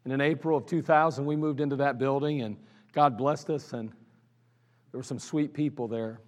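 A man with an Ohio accent, a pastor telling his church's history in an anniversary sermon, animated and laughing at his own stories. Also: medium pitch, moderate pace. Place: church sanctuary. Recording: church service recording with long hall reverb.

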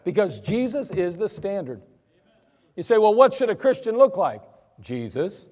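A man's voice: sits high, sing-song, moderate pace, a little mellow. A man preaching a sermon as pastor, emphatic, acting out the voices he quotes. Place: church sanctuary. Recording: church sanctuary with long reverb.

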